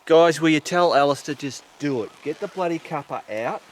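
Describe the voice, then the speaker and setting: A man's voice: a little high, normal speed. A middle-aged man with an Australian accent, a motorcycle vlogger telling a rambling story outdoors, swearing freely and padding his talk with fillers. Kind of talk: casual storytelling to camera. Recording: loud outdoor wind and traffic noise.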